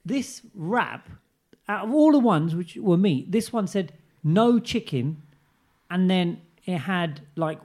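Guy, highish voice, telling a story on a podcast, casual. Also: takes it slowly. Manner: storytelling, animated anecdotes. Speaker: podcast co-host. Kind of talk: casual chat.

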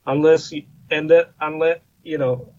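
A man's voice: on the high side, steady tone, measured pace, a little mellow. A man in a casual podcast discussion, talking in a rambling way with many fillers and restarts. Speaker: guest firearms expert. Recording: slightly muffled line with faint noise.

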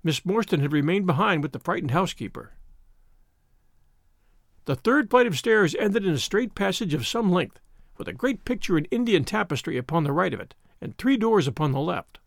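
A man narrating an old detective story in an expressive, dramatic way. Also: sits high, normal speed, vocal fry, dry recording, clean studio sound. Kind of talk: audiobook narration.

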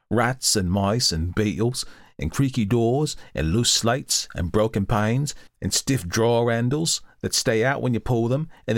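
A blunt old charwoman in a storybook reading, played by a man, raised in pitch and plain-spoken with homely grammar. She sounds no-nonsense and a little superior. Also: no echo, clean studio sound, close to an everyday voice. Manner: blunt, matter-of-fact, folksy grammar.

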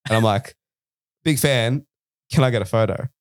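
A man's voice: medium pitch, normal speed, dry recording, studio quality. An Australian man co-hosting a podcast, telling a rambling anecdote in casual chat, peppered with "right?" and "like". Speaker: podcast co-host.

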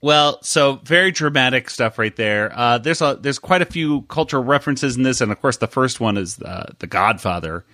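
A man's voice: medium pitch, animated, normal speed, few pauses, pushed and bright, dry recording, clean studio sound. A man hosting a podcast who rambles in casual chat with lots of fillers and chuckles. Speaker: podcast host.

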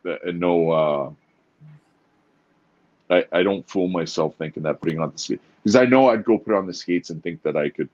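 A man from Canada in his forties, a guest telling stories in a relaxed, easygoing way. His voice is very deep, and the sound is dull and muffled, like a remote line. He talks loosely and calls people dude. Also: normal speed. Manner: laid-back, storytelling, says dude. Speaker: guest, former pro hockey player. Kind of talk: casual interview chat.

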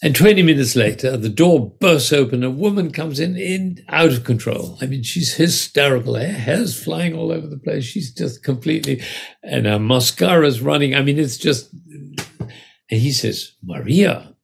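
An older man, a conductor and music educator, telling lively anecdotes in an interview, now and then acting out the voices of the people in them. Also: fairly high pitch, normal speed, gravelly, husky. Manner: animated anecdotes with acted-out voices. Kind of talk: storytelling in an interview.

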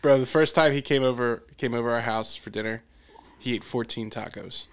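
A man's voice: mid-range voice, fairly quick, clear, resonant tone. Male podcast host, casual and rambling, talking sports. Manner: rambling, trails off and restarts. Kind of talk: casual chat.

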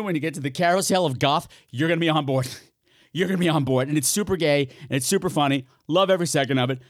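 A man hosting a solo podcast, chatting in an animated, campy way, swearing freely and talking to himself. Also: fairly high pitch, no echo, studio quality. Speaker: podcast host. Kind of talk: solo podcast chat, horror recommendations.

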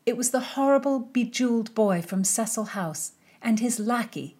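A woman narrating a historical novel aloud, with measured, expressive storytelling. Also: a little high, husky. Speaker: audiobook narrator. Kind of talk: scripted narration with character voices.

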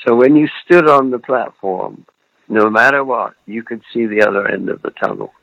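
Gravelly elderly man, muffled and dry. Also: mid-range voice, moderate pace, fairly bright tone, dry recording. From Britain. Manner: reflective storyteller, chuckles often, trails off mid-thought. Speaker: actor guest. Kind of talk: relaxed interview over a remote call.

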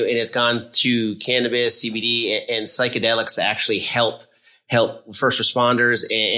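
Bright-voiced man hosting a podcast. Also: medium pitch. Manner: supportive, thinks aloud with restarts. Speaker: podcast host. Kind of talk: interviewing a guest.

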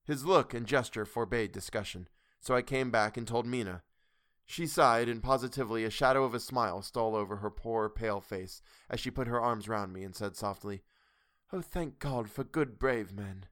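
A man reads a classic novel as an audiobook, keeping a measured, steady pace. His voice is smooth and on the low side, and the recording is dry and close with no room echo.

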